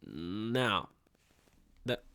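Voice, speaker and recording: A man's voice: fairly low pitch, sing-song, extremely slow, vocal fry, sharp tone, smooth. A young man hosting a podcast, riffing in sarcastic, casual comedic commentary and swearing freely. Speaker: podcast host.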